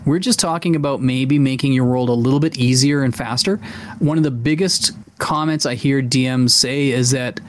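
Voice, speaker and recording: A man's voice: medium pitch, fairly even intonation, moderate pace. A man co-hosting a tabletop gaming podcast, chatting casually and enthusiastically, with many fillers and restarts. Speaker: podcast co-host. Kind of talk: casual chat.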